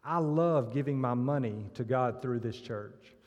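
A man's voice: mid-range voice, measured pace. Man preaching in a reverberant church. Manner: storytelling with acted punchlines. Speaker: church member giving testimony. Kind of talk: sermon-style church talk. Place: church sanctuary. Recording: long reverb of a church hall.

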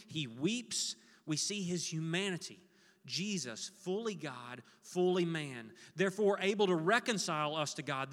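A man's voice: high voice, fairly bright tone, big-room sound. A man preaching an earnest sermon as pastor, leading his congregation to repeat a verse with him. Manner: earnest, leads congregation in call-and-response.

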